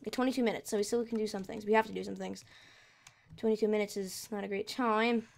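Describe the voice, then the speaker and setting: A woman's voice: mid-range voice, fairly even intonation, fast, vocal fry, darkish tone. A woman casually commenting while she plays a video game, rambling and getting frustrated with lag. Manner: rambling, easily frustrated, talks to herself. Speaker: gamer.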